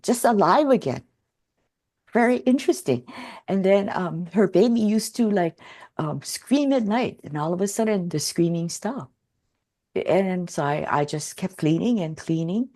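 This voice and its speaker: A woman in a group talk slowly telling a personal story in a calm, rambling way, full of fillers and restarts. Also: fairly low pitch. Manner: rambling, lots of "you know" and restarts, calm. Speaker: Ho'oponopono instructor.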